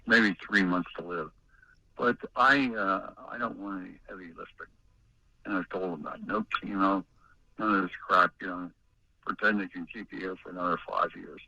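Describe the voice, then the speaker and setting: An older man speaks bluntly and plainly on a dull, muffled voicemail recording. His voice is low and sharply bright, with a dry sound. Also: dry recording. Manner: blunt, matter-of-fact. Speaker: father leaving a voicemail.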